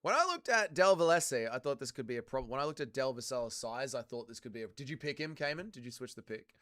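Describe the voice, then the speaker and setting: A man hosting a live fight watch-along stream, talking casually with chat and yelling profane instructions at the fighters. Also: mid-range voice, fast talker. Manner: excitable, profane, yells at the fighters. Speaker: livestream host.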